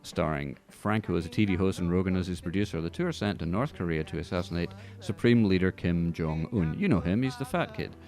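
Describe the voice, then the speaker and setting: An Australian man with a very low, deep voice reads film news on a podcast. He mixes the items with dry, wry asides, and faint music plays underneath. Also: fairly quick, hardly any pauses, darkish tone. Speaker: podcast co-host. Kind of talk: casual film news chat.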